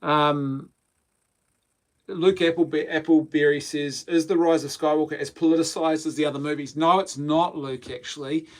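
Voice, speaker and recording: A man's voice: on the high side, fairly even intonation, moderate pace. A man hosting a casual live podcast, reading viewer comments aloud, rambling and laughing often. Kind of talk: casual live-stream chat.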